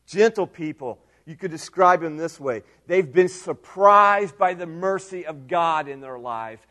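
A man preaching a sermon to his congregation, earnest, repeating key phrases and swinging between loud emphasis and quiet asides. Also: a little high, animated, a little slow. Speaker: pastor.

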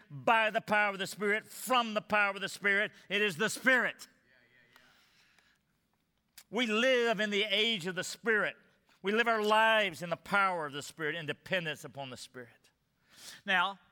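A man preaching a sermon as a pastor, earnest, rising to emphatic peaks and dropping low. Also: moderate pace, sharp tone, clear, resonant tone. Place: church sanctuary. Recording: long hall reverb.

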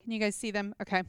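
A woman giving a chatty, animated personal testimony to a gathering, often checking in with listeners. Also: medium pitch, clear, resonant tone, no echo, clean studio sound. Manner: chatty, animated storytelling with props. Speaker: speaker at a church gathering.

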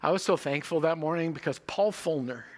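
A male pastor preaching a sermon, telling stories and moving between quiet moments and loud emphasis. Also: fairly high pitch, fairly quick.

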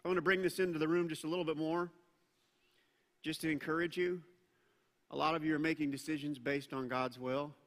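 A man preaching a sermon as pastor, animated and acting out the voices he quotes. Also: a little high, brisk, pauses often. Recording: long reverb of a large hall.

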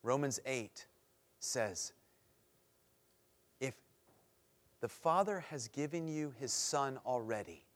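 A man preaching to a men's group, telling a story with lively voices and closing in a soft, earnest prayer. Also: mid-range voice, slow, long pauses.

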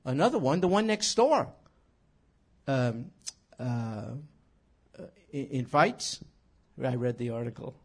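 A man teaching scripture in an animated sermon, emphatic and full of rhetorical questions. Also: medium pitch, slow. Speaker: Bible teacher.

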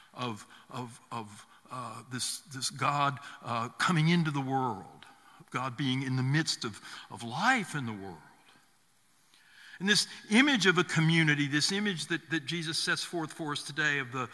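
A man preaching a sermon, halting and restarting often as he builds each point. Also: on the high side, bright, forceful tone. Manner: halting, with many restarts and fillers. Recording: reverberant church hall.

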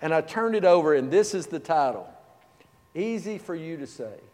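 A man preaching a sermon as pastor, telling a personal story, swinging from loud emphasis to hushed, soft passages. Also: a little high, lively intonation, normal speed. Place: church sanctuary. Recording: long reverb of a church hall.

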